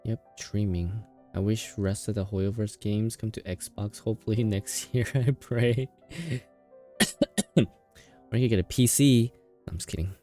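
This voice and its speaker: A man's voice: lowish voice, fairly even intonation, unhurried, mellow, soft background music. A man live-streaming a video game, chatting casually and playfully, laughing often and reacting to the story and his chat.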